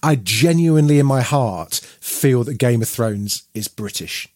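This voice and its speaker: A man's voice: mid-range voice, animated, a little slow, a little mellow, no room sound. A man from the United Kingdom co-hosting a podcast, talking in a chatty, rambling way with many fillers and restarts. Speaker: podcast co-host. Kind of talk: casual podcast chat.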